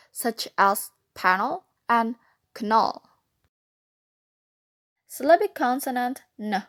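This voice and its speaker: Slow, careful woman reading a lesson. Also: on the high side, fairly bright tone. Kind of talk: reading a phonetics lesson aloud.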